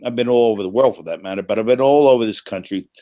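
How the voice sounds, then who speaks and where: Profane New man, animated. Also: lowish voice, very fast. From New York. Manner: animated, profane, frequent restarts. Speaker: panelist. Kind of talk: casual chat.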